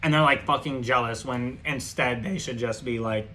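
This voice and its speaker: A man with a bright, edgy voice at an ordinary middle pitch, giving a tarot reading in an offhand, conversational way. He rambles through fillers and drops frequent profanity. Faint background noise sits under his voice. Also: moderate pace. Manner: loose and profane, heavy with fillers. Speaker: tarot reader. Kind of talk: casual spoken tarot reading.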